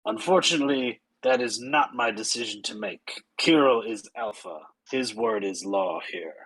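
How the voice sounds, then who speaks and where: A man voicing an old male wolf, a former pack leader, weary and blunt, with gruff, short-tempered retorts. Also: on the low side, normal speed, fairly bright tone, lightly acted, poor audio. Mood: grave.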